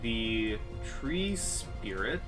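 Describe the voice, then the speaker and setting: A man acting as game master, calmly calling rolls and turns in a tabletop game. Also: fairly low pitch, extremely slow, music in the background. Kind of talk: running a tabletop game over voice chat.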